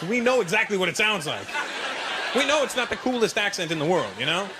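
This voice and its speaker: Animated high-voiced male stand-up comedian. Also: fast. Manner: animated, confiding, riffing with the crowd. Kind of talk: stand-up routine. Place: stage in front of a live audience. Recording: noisy played-back stand-up clip.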